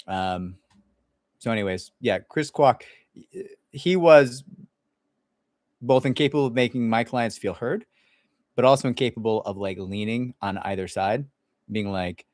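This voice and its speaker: Male employment lawyer, casual and blunt, sardonic edge, low pitch, dry close sound. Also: normal speed, long pauses, a little mellow, no room sound. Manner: blunt, sarcastic, acts out others in mock voices. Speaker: employment attorney and mediator. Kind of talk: casual livestream Q&A.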